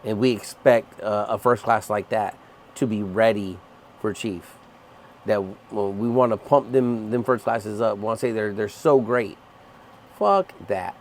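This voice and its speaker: A man's voice: on the low side, unhurried, slight background noise. A man who is a Navy chief, ranting in a heated, profane vlog about his sailors. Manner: angry, profane, emphatic. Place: aboard a ship at sea.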